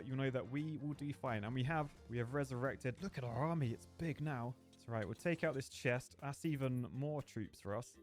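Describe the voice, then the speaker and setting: A young gaming streamer with an ordinary mid-pitched voice narrates his gameplay live. He's chatty and jokey, getting excited easily, with faint music playing in the background.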